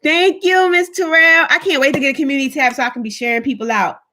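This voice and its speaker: A woman's voice: high-pitched, steady tone, quick pace, pushed and bright. A chatty woman hosting a casual livestream, talking emphatically and answering viewer comments. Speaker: livestream host. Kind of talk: casual live chat with viewers.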